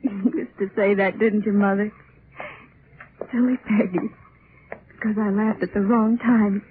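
A woman's voice: mid-range voice, steady tone, a little slow, slight background noise. Anxious woman in an old radio play. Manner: anxious, breaking into tears. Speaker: lead in a radio drama, inner monologue. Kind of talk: old-time radio drama monologue. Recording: tinny lo-fi old radio recording with music.

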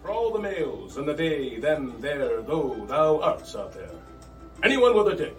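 A man voicing a pompous male doctor pitchman in a mock commercial, grandiose and mock-formal, from a distant ad clip with music. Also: sing-song, measured pace.

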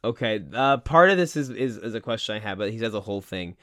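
A man's voice: on the low side, lively intonation, fast, bright, forceful tone, dry recording, studio quality. A man co-hosting a podcast, quizzing his friend in casual chat, laughing easily and swearing now and then. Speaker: podcast co-host.

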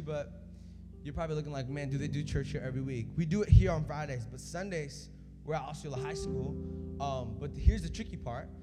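A young man preaches with loose, energetic storytelling, his voice sitting a bit high for a man. His words ring out through a reverberant hall while music plays beneath him. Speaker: youth preacher. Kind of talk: sermon. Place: church service in a hall. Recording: echoey hall with music behind.

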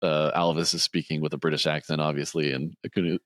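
Guy with a really low voice rambling thru a movie plot on a podcast, dry close sound. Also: level tone, quick pace, no echo. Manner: rambling, acts out characters' lines in higher voices. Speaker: podcast co-host. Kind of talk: casual chat, retelling a film plot.

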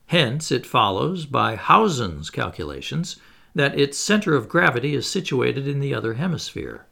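Bold, unflappable adventurer with a gravelly, lively delivery, read by a man, for a storybook. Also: medium pitch, moderate pace, full character voice. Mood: assured. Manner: cheerful, assured, explanatory. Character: confident witty male adventurer, unflappable.

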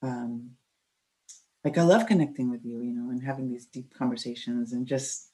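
A woman's voice: a bass voice, fairly even intonation, moderate pace, mellow, rough recording. Woman podcast host, earnest and emphatic, speaking from experience. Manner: earnest, emphatic, mother of children. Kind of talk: casual chat.

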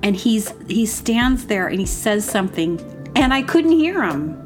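A woman hosting a podcast, telling comic personal stories in a rambling, animated way and acting out quotes in exaggerated voices. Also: on the high side, measured pace. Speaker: podcast host. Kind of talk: casual comedic storytelling. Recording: music playing behind.

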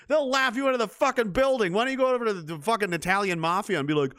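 A man's voice: high-pitched, big pitch swings, quick pace, hardly any pauses, fairly bright tone, no room sound, studio quality. A man ranting sarcastically and with heavy swearing as he comments on news stories during a live stream. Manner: profane, sarcastic, mocking.

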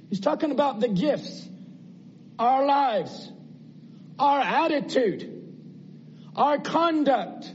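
A man's voice: very high voice, expressive, slow pace, pauses often, dull audio, a little hiss or hum. A man preaching a sermon in an earnest, conversational way, asking his listeners rhetorical questions.

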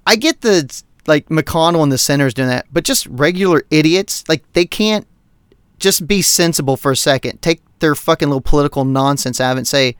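Male podcast co-host, smooth resonant voice, higher register, heated profane rant, dry close sound. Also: fairly quick, dry recording. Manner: profane, heated, animated ranting. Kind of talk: casual political rant.

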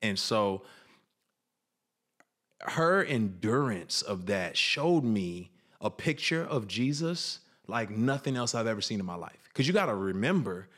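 A man's voice: on the low side, big pitch swings, measured pace, fairly bright tone. A man speaking candidly and reflectively about his life and marriage, with frequent restarts and retold quotes. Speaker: guest sharing his life story. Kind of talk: candid personal talk.

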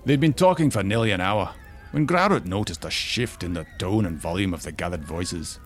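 A man narrating a fantasy story in a measured, expressive storytelling manner. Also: deep voice, soft background music. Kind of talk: audiobook-style fantasy story reading.

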